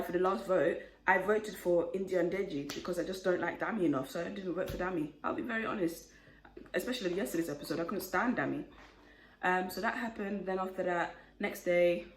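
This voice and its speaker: A woman, talking casually and opinionatedly to camera, getting animated and indignant as she rants. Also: fairly low pitch. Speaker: vlogger recapping a reality show. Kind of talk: casual chatty recap rant. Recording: echoey room.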